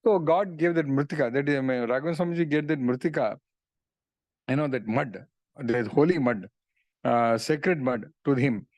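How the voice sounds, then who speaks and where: A man's voice: mid-range voice, moderate pace, a little mellow, no echo. A middle-aged man, earnestly retelling devotional stories in a talk and often saying "you know". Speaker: speaker on religious philosophy.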